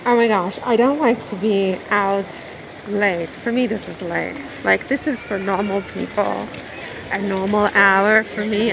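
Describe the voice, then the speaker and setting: A woman in her fifties, rambling in a casual vlog with lots of fillers and self-mocking asides, a little anxious as she walks. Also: medium pitch. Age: 50s. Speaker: vlogger. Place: city street at night. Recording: outdoor street noise. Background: traffic and street noise.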